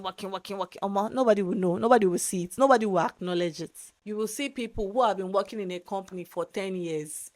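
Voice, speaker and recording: A young adult woman from Nigeria with a Nigerian accent, giving animated, emphatic advice in a casual vlog monologue. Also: medium pitch. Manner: animated, emphatic, repeats words for stress. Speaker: vlogger.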